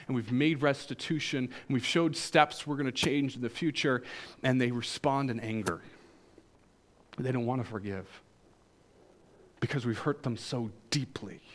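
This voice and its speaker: A male pastor preaching a sermon in a conversational storytelling way, with wry humor and a voice that swings between emphatic highs and soft, low asides.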